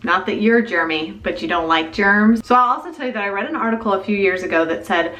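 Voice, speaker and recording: A woman's voice: medium pitch, lively intonation, fast talker, bright, forceful tone. A woman in her thirties chatting casually to camera from her front porch, laughing now and then as she talks. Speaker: vlogger, mother. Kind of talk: casual vlog chat.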